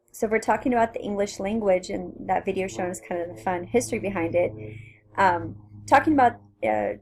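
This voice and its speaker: A woman teacher with a Southern Californian accent talks through a recorded lecture. She speaks at an ordinary pitch and keeps it casual and conversational, explaining step by step with plenty of fillers and restarts. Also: a little mellow. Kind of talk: recorded flipped-classroom lecture.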